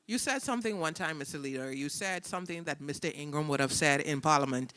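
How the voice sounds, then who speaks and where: A man's voice: on the high side, quick pace, bright, forceful tone, clean tone. A man, co-hosting a political talk show, chiming in with agreement and earnest explanations. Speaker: co-host. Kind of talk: casual political chat.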